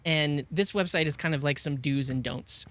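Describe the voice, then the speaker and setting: A man's voice: a little high, moderate pace, fairly bright tone. A man co-hosting a tech podcast, explaining his views in an earnest, opinionated way. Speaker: podcast co-host. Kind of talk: casual tech podcast chat.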